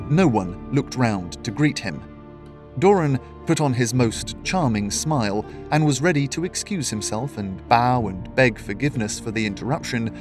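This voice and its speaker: A man reading a fantasy story aloud in steady, measured scripted narration. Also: mid-range voice.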